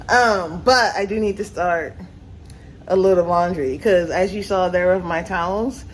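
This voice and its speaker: A woman's voice: fairly low pitch, unhurried, slight background noise, rough recording. A woman vlogging at home, chatting and laughing with her viewers while sweaty from yard work. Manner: chatty, laughs often, talks to viewers as y'all. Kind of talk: casual chatty vlog. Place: at home, in the backyard and indoors.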